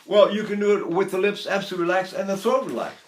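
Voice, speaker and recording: Speaking fast in a high-pitched voice, an older man teaches singing, walking through technique and bursting into brief vocal exercises. The room has a noticeable echo.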